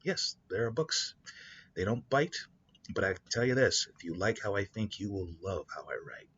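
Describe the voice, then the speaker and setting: A man hosting a show, talking through a story idea in a rambling, animated way. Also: fairly low pitch, normal speed, muffled recording, slight background noise. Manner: rambling, animated, with many restarts. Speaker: host. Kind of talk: casual spoken storytelling.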